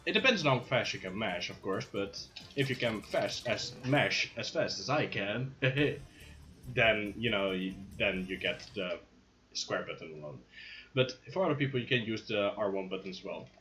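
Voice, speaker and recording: A man's voice: on the low side, animated, normal speed, bright, forceful tone. A man commentating his own speedrun live, playful and hyped, with jokey asides.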